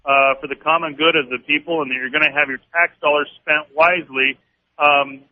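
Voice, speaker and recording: A man who is a congressman, answering a radio host firmly with practiced talking points and frequent pauses, heard over dull lo-fi broadcast audio. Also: fairly high pitch, steady tone. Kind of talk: political radio interview answers.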